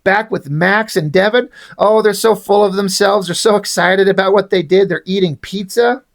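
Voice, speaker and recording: A man's voice: sits high, moderate pace, vocal fry. A man reviewing a comic book in a casual rant, sarcastic, exasperated and full of swearing.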